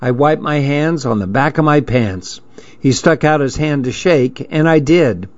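A man reading a story aloud in steady, plain narration. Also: on the high side, a little slow, no room sound. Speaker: audiobook narrator. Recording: dry, dull lo-fi recording.

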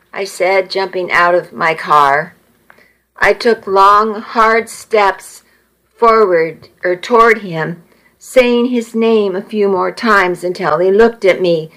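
Slow, measured female audiobook narrator. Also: medium pitch, poor audio. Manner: measured, intimate first-person storytelling. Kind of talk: first-person audiobook narration.

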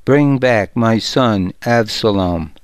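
A man's voice: on the low side, slow, dry recording. A man reading as a grave aging king. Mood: solemn. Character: aging king, commanding yet tender. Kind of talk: audiobook narration.

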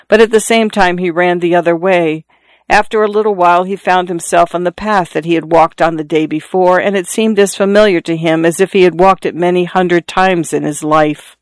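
Measured storybook narrator, dry sound. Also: mid-range voice, fairly even intonation, no echo. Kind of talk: audiobook narration.

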